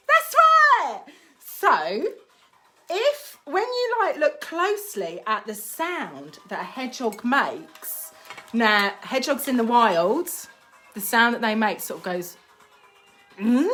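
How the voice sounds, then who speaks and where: A woman's voice: a little high, a bit bright. Giggly woman with jokey made-up facts. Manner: playful, giggly, chatty, many fillers. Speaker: presenter. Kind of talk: live-streamed craft tutorial with jokey made-up facts.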